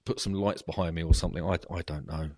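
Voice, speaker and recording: A man's voice: low voice, steady tone, quick pace, darkish tone, dry recording, studio quality. A middle-aged man hosting a podcast, chatting casually and rambling with lots of fillers over a video call. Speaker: podcast host. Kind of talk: casual interview wrap-up chat.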